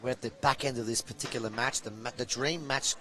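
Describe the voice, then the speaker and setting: A man's voice: mid-range voice, fairly even intonation, fast, pushed and bright, poor audio. A young adult man giving chatty, jokey live commentary on a pool match.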